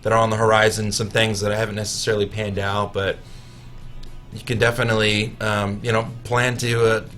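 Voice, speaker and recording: A man's voice: fairly low pitch, level tone, fairly bright tone, soft background music. A man, a musician guest on a radio show, chatting casually in a studio, joking about himself and restarting his sentences often. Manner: joking, self-mocking, halting restarts.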